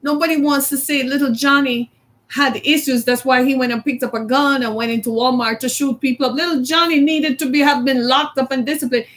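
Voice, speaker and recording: A high-pitched, middle-aged woman giving a motivational talk. She speaks emphatically, keeps coming back to a single key word, and acts out quotes for her audience. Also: steady tone, fairly quick, a bit bright.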